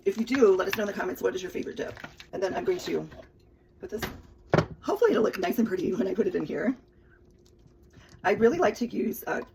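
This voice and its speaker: Chatty woman doing a cooking demo at home, quick gravelly voice, kitchen clatter in the background. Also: mid-range voice, noisy background. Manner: chatty, fast, with many fillers and restarts. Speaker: kitchen product consultant.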